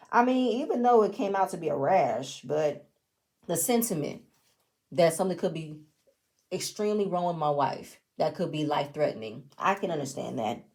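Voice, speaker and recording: A woman's voice: low-pitched, expressive, moderate pace. A woman giving casual review commentary on a reality show, blunt, opinionated and often profane. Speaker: reality TV recapper.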